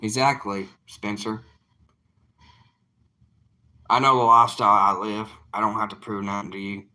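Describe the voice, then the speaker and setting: Bright-toned evangelist, plainspoken. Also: male voice, lowish voice, level tone, normal speed. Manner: earnest, plainspoken, defiant. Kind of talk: casual livestream talk to viewers.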